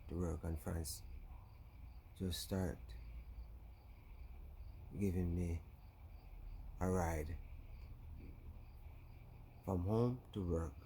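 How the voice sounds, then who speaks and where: A Jamaican man tells a loose, rambling story for his vlog, sprinkling "you know" through every thought. His voice sits very low and sounds mellow and dark. Faint cricket and insect noise hums behind him outdoors. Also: steady tone, very slow, creaky, pauses often. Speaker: YouTuber.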